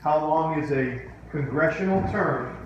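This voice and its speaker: A man's voice: a little high, measured pace, highs cut off. Teacher quizzing his class, echoey room. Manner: quizzing, firm, dryly teasing. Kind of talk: classroom lesson with questions to students. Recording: echoey room, faint background noise.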